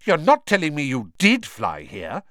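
A man reading as a bossy teenage schoolgirl in a high, reproachful voice, quick to lecture. The delivery is lively and up and down. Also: no room sound, clean studio sound, heavily acted.

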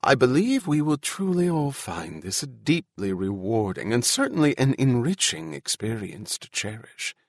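A man's voice: mid-range voice, big pitch swings, moderate pace, hardly any pauses, no echo, studio quality. A man voicing a gracious First Lady speaking on television in a polished announcing manner.

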